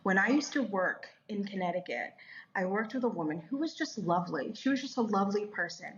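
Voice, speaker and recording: A woman in her fifties, a podcast guest telling a personal faith story in an animated way, laughing often. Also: medium pitch, a little fast, muffled recording. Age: 50s. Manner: animated, laughs often, acts out quoted voices.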